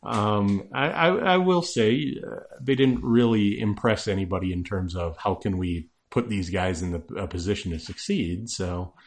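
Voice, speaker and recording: Guest analyst, male, lower register, measured and dryly funny, lots of restarts. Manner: analytical, hesitant restarts, dry jokes. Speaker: sports-knowledgeable guest. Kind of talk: casual podcast chat.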